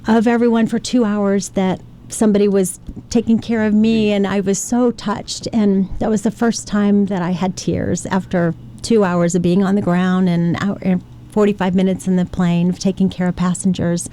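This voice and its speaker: A middle-aged woman from Ohio tells her story earnestly on a radio interview. Her voice is mellow and warm, with a mid-range pitch. She speaks with heartfelt, emotional emphasis. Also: steady tone, normal speed, a little hiss or hum. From Ohio, United States. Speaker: interview guest, flight attendant.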